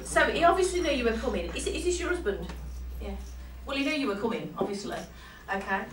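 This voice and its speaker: A woman with a high, animated, fairly bright voice talks fast while giving a medium's reading to a live audience, chatting, laughing often, and checking in with her listener. She's picked up from far off in an echoey hall, with slight background noise.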